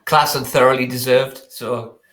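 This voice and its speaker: A man's voice: mid-range voice, steady tone, fairly bright tone. Friendly man hosting a fans' video chat. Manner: friendly, chatty, a little halting, with fillers. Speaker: supporters' club host. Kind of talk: casual interview chat.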